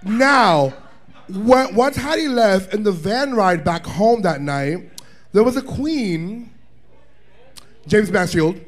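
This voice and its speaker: A man in a drag panel chat, telling a story in a sassy, loud, profane way, often breaking into laughs. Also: high voice, lively intonation, slow pace, pauses often. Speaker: drag performer guest. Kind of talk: animated live panel chat. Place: bar viewing party.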